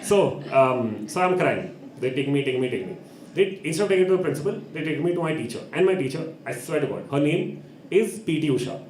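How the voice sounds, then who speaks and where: A man's voice: a little high, brisk. A young man telling a comic story at an open mic and acting out the people in it. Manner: animated, acts out voices of people in his story. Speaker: open mic performer and host. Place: performance venue. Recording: echoey room with background noise.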